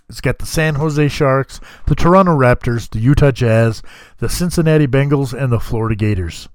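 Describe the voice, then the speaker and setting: A man's voice: mid-range voice, darkish tone, dry recording. A man hosting a casual podcast, laid-back and joking, swearing freely as he talks. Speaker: podcast host. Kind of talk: casual chat.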